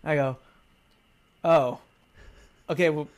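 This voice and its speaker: A man in his thirties chatting casually as a co-host, telling an animated story and acting out the dialogue. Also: a little high, slow. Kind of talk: casual chat.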